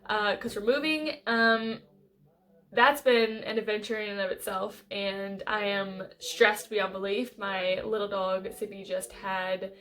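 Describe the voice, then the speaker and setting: An American woman giving an earnest life update on her vlog, halting and thinking aloud with frequent restarts. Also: medium pitch, fairly even intonation, a bit bright. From United States. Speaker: vlogger.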